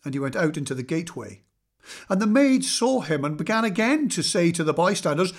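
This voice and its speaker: A man reading scripture aloud in a measured, solemn way, slowing for weight. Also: fairly high pitch, lively intonation. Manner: measured, solemn reading with slow dramatic pauses. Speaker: scripture reader.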